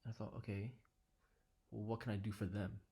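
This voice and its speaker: A young man talking quietly and earnestly in a personal vlog from his living room, sometimes dropping to a whisper. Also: lowish voice, level tone, a little fast, slightly rough. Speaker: vlogger.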